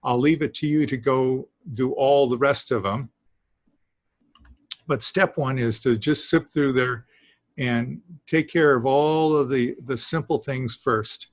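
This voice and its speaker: A man teaching a beginners' language class, talking haltingly with many fillers and small laughs. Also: mid-range voice, no echo. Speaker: Greek teacher. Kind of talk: classroom lesson.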